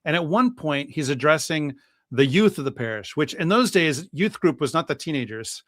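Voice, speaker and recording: A man, a priest, relating a history story with animated energy and frequent fillers. His voice sits a bit high and sounds dry and close, with no room echo. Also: normal speed. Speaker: guest priest.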